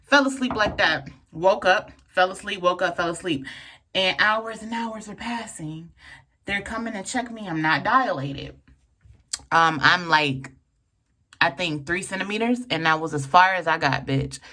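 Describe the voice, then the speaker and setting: A young woman telling a personal story in a casual vlog, frank and profane, full of fillers and lively asides. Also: on the low side, measured pace. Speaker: vlogger telling a birth story.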